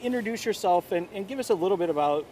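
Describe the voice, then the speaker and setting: Chatty host, slightly high voice. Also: male voice, lively intonation, quick pace, darkish tone, a little hiss or hum. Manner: chatty, jokey, rambling restarts. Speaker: morning show host. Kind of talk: casual chat.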